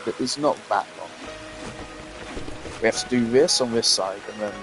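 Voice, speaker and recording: A man's voice: medium pitch, moderate pace, over music. A young man playing a game and chatting casually as he goes, opinionated and a bit tired, his voice often trailing off into mumbles. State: tired, yawning. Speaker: gaming streamer. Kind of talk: casual let's-play commentary.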